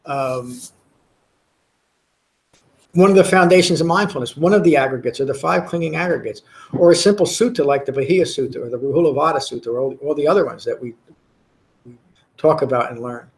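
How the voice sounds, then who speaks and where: A man's voice: fairly high pitch, fairly quick, pauses often. A man giving a Dhamma talk to a meditation class, earnest and emphatic, often repeating words and restarting phrases. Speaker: meditation teacher. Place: meditation center.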